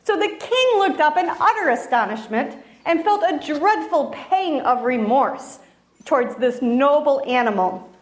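A woman telling a fable in a gentle storytelling manner, with restarts and asides. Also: high-pitched, lively intonation, measured pace. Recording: roomy echo.

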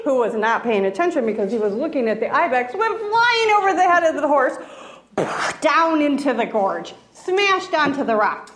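A woman telling a fable in a gentle storytelling manner, with restarts and asides. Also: high voice. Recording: roomy echo.

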